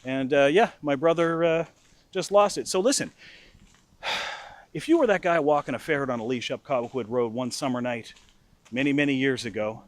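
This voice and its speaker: A middle-aged man telling a comic personal anecdote in an animated, mock-furious way. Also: mid-range voice, normal speed, dry recording. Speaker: storyteller. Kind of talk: casual anecdote storytelling.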